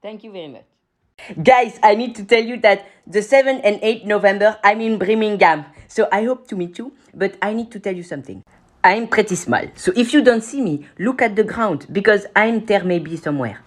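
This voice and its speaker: A man's voice: sits high, normal speed. A Belgian man with a French accent who talks to the camera in casual, playful chat, giggling often and cooing at animals. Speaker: video creator.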